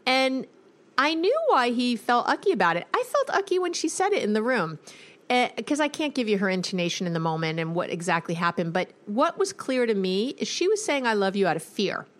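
A woman's voice: on the high side, big pitch swings, fairly quick, a bit bright. A middle-aged woman therapist hosting an advice podcast, talking in a casual, conversational way and acting out her clients' words when she quotes them. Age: middle-aged or older.

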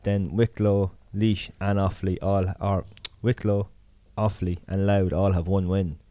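A man's voice: sits low, level tone, a little slow, warm tone, no room sound. An Irish man co-hosting a podcast, talking casually in a rambling, hesitant way. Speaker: podcast co-host. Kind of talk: casual chat.

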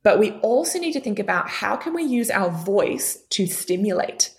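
A young adult woman speaking as a guest coach in a podcast interview, animated and expressive, shifting her pitch for emphasis. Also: normal speed.

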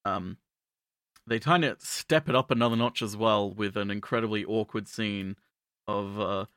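A man's voice: on the low side, normal speed, a bit bright, smooth, dry recording, clean studio sound. A man co-hosting a casual podcast, talking in a hesitant, wry way with lots of ums and uhs. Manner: hesitant, filler-heavy, wry. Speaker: podcast co-host.

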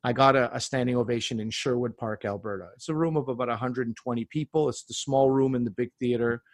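A man, a comedian guest, telling lively anecdotes in casual chat, acting out quotes as he goes. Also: medium pitch, fast, no echo, studio quality. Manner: animated anecdotes with acted-out quotes.

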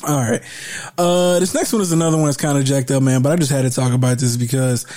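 A man hosting a casual commentary podcast, animated and profane, laughing often. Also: mid-range voice, fast talker. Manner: animated, profane, laughs a lot, mock-panicked voices. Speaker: podcast host.

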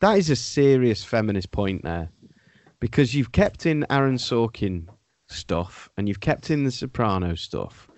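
A man's voice: medium pitch, very animated, a little slow, a little mellow, no echo. A man hosting a podcast, talking through TV shows in casual, wry, sometimes sweary banter. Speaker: podcast host. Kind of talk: casual chat.

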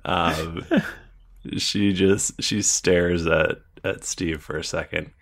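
Slow gravelly game master. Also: male voice, low-pitched, fairly even intonation, fairly bright tone. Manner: slow, hesitant narration with many ums. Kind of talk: narrating a tabletop game, voicing Cheryl.

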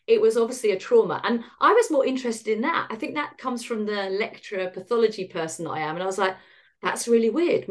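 A middle-aged woman talks candidly as a podcast guest. Her delivery is frank and wry, and she voices the remembered exchanges as if replaying them. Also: medium pitch. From United Kingdom. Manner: frank and self-deprecating, acts out quoted dialogue. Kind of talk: candid personal storytelling.

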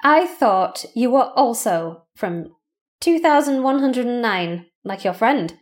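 A woman voicing a sixteenth-century male ghost, reciting his messages slowly in an old-fashioned manner. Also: a little high, expressive. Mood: puzzled.

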